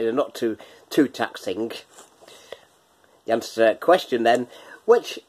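A man's voice: fairly low pitch, husky. A man hosting a casual quiz from his kitchen, chatty, laughing often and breaking into bits of song. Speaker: quiz host. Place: home kitchen.

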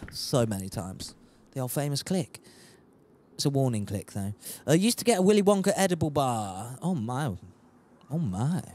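A man's voice: medium pitch, big pitch swings, moderate pace, darkish tone. A young man chatting casually while streaming a game, reading out viewer messages, sweary and laughing at himself. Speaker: gaming streamer.

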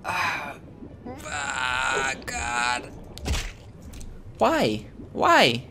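A man giving crude, joking commentary while playing a video game, with loud excited outbursts. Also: medium pitch, drawn-out words, background noise. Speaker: gamer streaming his own play. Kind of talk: profane let's-play commentary.

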